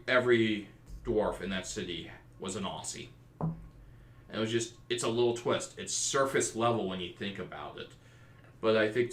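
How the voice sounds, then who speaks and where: A man with a fairly low voice tells stories from his tabletop campaigns in a relaxed, animated podcast chat. The recording is roomy and echoey, with his voice sitting in a live room. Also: a little hiss or hum. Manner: storytelling, animated. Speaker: game master and podcast host. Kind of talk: casual podcast discussion. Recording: roomy echo.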